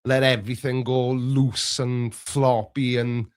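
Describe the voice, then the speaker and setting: A man's voice: mid-range voice, level tone, takes it slowly. A man with a Welsh accent chatting casually as a streamer co-host, laughing often and restarting his sentences. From Wales. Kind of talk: casual chat.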